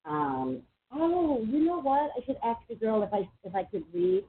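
A woman's voice: fairly high pitch, big pitch swings. A chatty woman hosts a psychic call-in show, talking in an emphatic, rambling way. Her voice comes through thin and tinny, like a phone line. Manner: chatty, emphatic, quick asides. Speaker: psychic radio host. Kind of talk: casual call-in talk.

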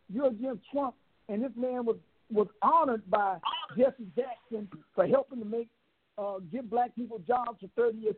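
A man's voice: extremely high pitch, breathy edge. Fiery man ranting on a phone line. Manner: fiery, preachy, repeats himself. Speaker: caller. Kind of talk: heated call-in rant.

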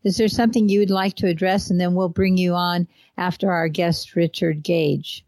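Animated woman talk radio host. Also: on the low side, normal speed, no echo. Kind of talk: casual talk radio chat.

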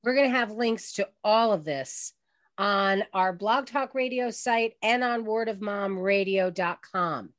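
A woman's voice: mid-range voice, measured pace. An older woman hosting an online radio talk show, telling heartfelt personal stories to her guest.

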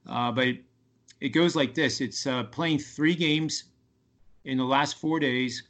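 A man's voice: fairly high pitch, a bit bright. A man talking as a guest sports betting analyst on a radio podcast, with lots of fillers and restarts. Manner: halting, many fillers and restarts. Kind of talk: casual radio talk.

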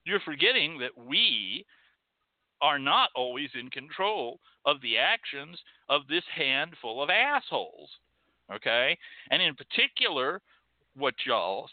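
A man's voice: a little high, a little slow, no room sound. A male show host ranting sarcastically, with frequent swearing. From Texas. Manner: profane, sarcastic, animated. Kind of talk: ranting monologue. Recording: tinny phone-like sound.

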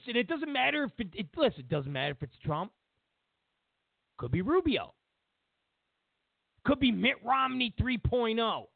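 A man hosts a political talk show, delivering a heated, sarcastic opinion monologue and mocking others in put-on voices. His voice is extremely high with big pitch swings, creaky, at normal speed with long pauses. The recording is dry and phone-like lo-fi, with no room sound.

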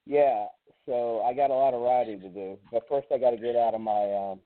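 A man's voice: medium pitch, fairly even intonation, a little fast, dry recording. A man as a guest in a casual chat, easygoing and telling stories with small restarts. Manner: easygoing, storytelling, hesitant restarts. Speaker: guest, fitness pro. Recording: phone-line quality, dry.

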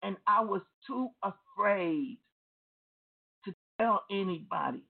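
Remorseful spirit put on by a preacher, slow confession, gravelly, tinny lo-fi sound. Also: medium pitch, lively intonation, exaggerated voice.

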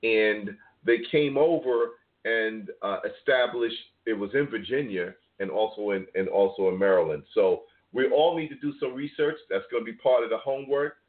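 A man's voice: on the low side, moderate pace, few pauses. Man, from New York, call host, emphatic, repeats phrases, phone-line sound. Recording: tinny phone-line audio.

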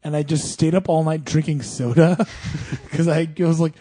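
A man trading stories on a casual podcast, quick to laugh at himself. His voice sits a touch high and sounds warm and relaxed. The recording is close and dry. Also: no echo. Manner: chatty storyteller, laughs often. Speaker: podcast co-host. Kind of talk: casual chat.

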